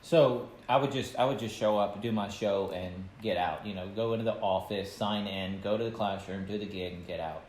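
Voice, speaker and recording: A man who performs for children, guesting on a podcast in casual chat, animated and acting out quotes as he tells stories. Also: lowish voice, a little fast, hardly any pauses. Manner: animated storyteller, acts out quotes. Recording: roomy sound with faint noise.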